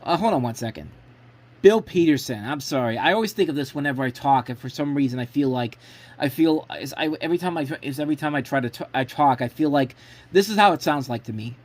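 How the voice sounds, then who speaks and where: A man's voice: medium pitch, lively intonation, fast. A man hosting his own sports show, casually talking through football predictions and often stopping to restart or correct himself. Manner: rambling, frequent restarts and self-corrections. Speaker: sports blog host.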